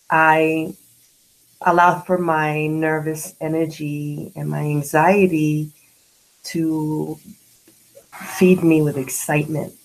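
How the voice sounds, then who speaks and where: A woman in her late forties telling a personal diary vlog, candid and slangy, animated in retellings and hushed in reflective moments. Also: deep voice, vocal fry, low-quality recording. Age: 40s. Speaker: vlogger.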